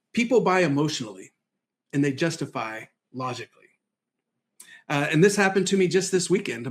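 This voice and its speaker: A middle-aged man giving a casual presentation lesson, telling folksy stories and acting out quoted voices. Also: fairly high pitch. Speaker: presentation skills trainer.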